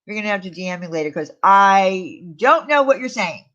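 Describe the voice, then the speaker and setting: A woman's voice: mid-range voice, animated, brisk, fairly bright tone. A woman chatting casually on a live stream, answering viewers' comments aloud. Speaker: streamer reading chat. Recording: dull lo-fi stream audio.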